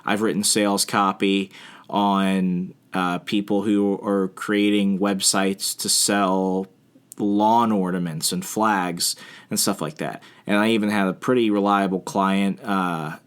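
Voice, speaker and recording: A man's voice: low voice, clear, resonant tone. A male podcast host giving casual advice in a rambling, self-deprecating way, full of fillers and restarts.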